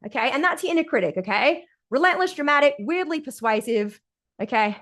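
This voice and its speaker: Lively high-pitched sweary woman. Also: fairly quick. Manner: emphatic and sweary, with a frequent "okay?" and "right?". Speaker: mindset coach. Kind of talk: recorded masterclass talk.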